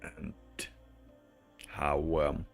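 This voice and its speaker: A male streamer talks through his commentary in a low, deep voice. He takes his time, circling back and restarting as his thoughts wander. A faint bed of music hums underneath. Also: completely flat delivery, extremely slow, creaky. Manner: rambling, loosely strung thoughts. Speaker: livestream host. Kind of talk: livestream commentary.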